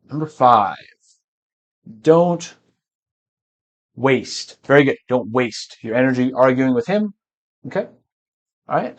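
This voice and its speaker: Slow, patient male English teacher. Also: medium pitch. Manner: slow, patient, mixes in Spanish explanations; frequent throat clearing. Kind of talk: language lesson.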